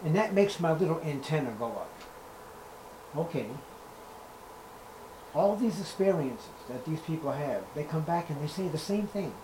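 A man preaching a sermon, swinging between loud, declaiming scripture readings in old-fashioned wording and hushed, intimate asides. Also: on the high side, lively intonation, normal speed, pauses often, noisy background.

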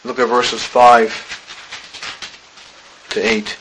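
A male preacher delivering a sermon in a church, pleading earnestly and then building to emphatic declarations. His voice is bright and forceful, with a faint hiss behind it. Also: mid-range voice, monotone, extremely slow, low-quality recording. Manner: pleading, rising to emphatic exhortation.

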